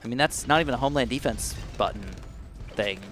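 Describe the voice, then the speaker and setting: A man hosting live gameplay commentary, excitable and talking straight to his viewers, swinging from low muttering to shrieks of alarm. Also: fast talker, slight background noise. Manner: addresses viewers directly. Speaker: gaming channel host.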